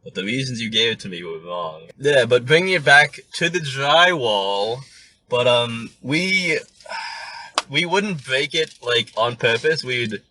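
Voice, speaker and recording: A man's voice: medium pitch, expressive, unhurried, pushed and bright, slight background noise. Laid-back young man, laughing often. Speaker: podcast co-host. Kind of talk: casual chat.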